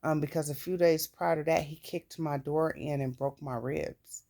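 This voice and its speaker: A woman's voice: deep voice, fairly even intonation, moderate pace, creaky, dark tone. A woman recounting her own life story in a candid, plain-spoken way, with casual swearing. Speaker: vlogger. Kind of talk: personal storytelling.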